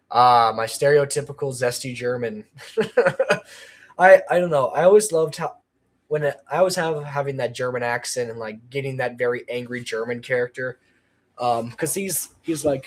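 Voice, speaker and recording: Man hosting a casual livestream, rambling, average pitch, lots of restarts. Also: steady tone, unhurried. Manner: rambling, full of ums and restarts. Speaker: channel creator.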